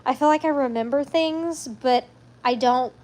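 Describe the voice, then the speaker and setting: A woman hosts a casual live stream. She talks in a high voice and rambles from one thing to the next. She throws in sassy asides. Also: unhurried, darkish tone.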